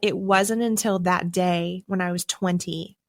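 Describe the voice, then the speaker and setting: A woman's voice: lowish voice, a little slow. Woman telling her story with emotional surges. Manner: emotional, animated storytelling with surging emphasis. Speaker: podcast guest telling her testimony. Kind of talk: personal testimony storytelling.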